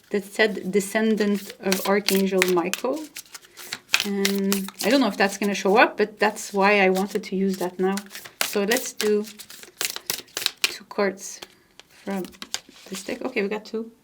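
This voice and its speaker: A woman with a Nordic accent giving a tarot card reading to camera, soft-spoken and gentle, laughing lightly now and then. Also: mid-range voice, unhurried, noisy background. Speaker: tarot reader.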